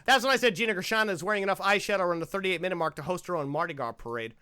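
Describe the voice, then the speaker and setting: A young man hosting a podcast, chatting casually about a movie in an animated, rambling way and laughing easily. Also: high voice, rapid-fire, clean tone. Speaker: podcast host.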